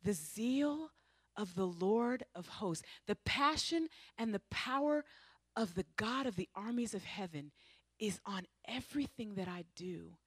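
A woman from the United States giving a missionary testimony, telling her story with lively, playful asides. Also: medium pitch, measured pace, slightly rough, dry recording. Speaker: missionary speaker. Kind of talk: testimony to a congregation.

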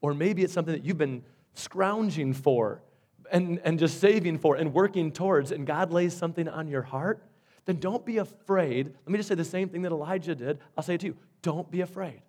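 Emphatic male pastor, slightly high voice. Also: a little fast, a little mellow. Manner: emphatic, repeats key phrases. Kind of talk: sermon.

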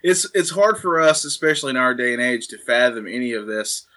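A man's voice: medium pitch, expressive, a little fast, pushed and bright. A man co-hosting a casual history podcast, explaining events in an earnest way.

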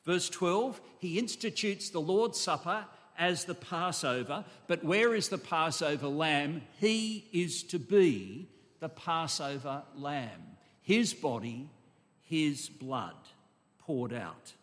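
A man's voice: a little high, lively intonation, slow, a bit bright. A man preaching an expository sermon, emphatic and full of rhetorical questions and asides to his congregation. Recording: long echo of a large hall.

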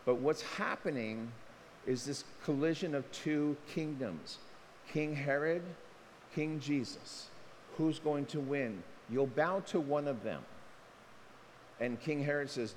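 A man preaching a sermon as pastor, impassioned, his pitch leaping up when he presses a point. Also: slow pace. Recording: long hall reverb, faint noise.

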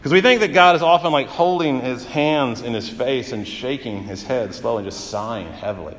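A pastor's sermon from a man of middle pitch, delivered in a relaxed, conversational way. He fills gaps with "uh" and reaches for homely examples. His voice rings out with a long reverb, as if from a big sanctuary. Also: normal speed. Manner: conversational preaching with frequent uh fillers and vivid everyday examples.

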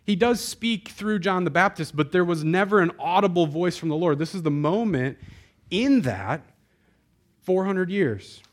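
A pastor preaching to a congregation in a casual, chatty way. His voice sits a little high for a man, and he keeps turning to the listeners with questions. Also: animated, measured pace. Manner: conversational, addresses the congregation directly. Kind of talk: sermon. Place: church before a live congregation.

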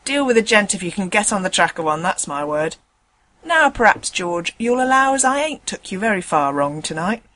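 A woman's voice: mid-range voice, big pitch swings, normal speed, sharp tone. A woman voicing a brusque, teasing male tram driver. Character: brisk working-class male tram driver.

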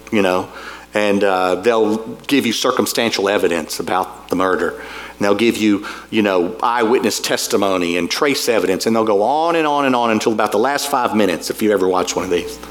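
A man preaching a sermon in a folksy, conversational way, full of asides to the congregation. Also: fairly low pitch. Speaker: pastor.

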